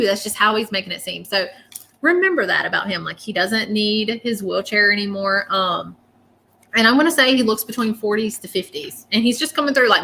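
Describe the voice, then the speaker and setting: A woman gives a live psychic reading from home, earnest and chatty, full of fillers and check-ins like "okay?". Her medium-pitched voice has vocal fry and sounds pushed and bright, at normal speed.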